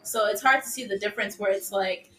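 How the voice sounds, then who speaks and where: A woman's voice: mid-range voice, fast talker, a bit bright. A woman talking as a podcast guest, rambling with lots of fillers. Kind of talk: casual chat. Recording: echoey room.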